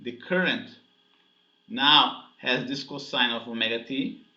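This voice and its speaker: A man's voice: medium pitch, a little slow, bright, forceful tone. A man teaching a physics lesson, explaining step by step and often checking in with "okay?" and "right?". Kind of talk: classroom lecture. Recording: echoey dull lecture recording.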